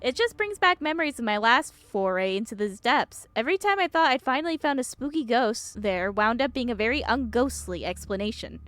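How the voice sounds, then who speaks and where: A woman's voice: fairly high pitch, expressive, fairly quick, few pauses, a bit bright, no room sound. A woman voicing a reckless, teasing teenage girl who hunts ghosts, with dry jokes. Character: reckless teen girl ghost-hunter, cheeky.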